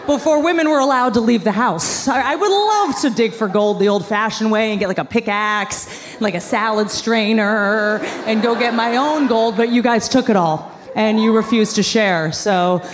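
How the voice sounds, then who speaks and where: On a large theater stage, a woman in her thirties performs a sarcastic stand-up set for a live audience, telling stories wryly. Her high-leaning voice carries through the big hall.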